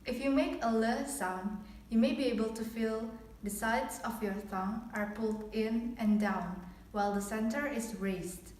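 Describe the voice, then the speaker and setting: A woman student presenting a scripted phonetics lesson in a measured reading voice. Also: fairly high pitch, darkish tone, distant mic. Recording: echoey room, away from the mic.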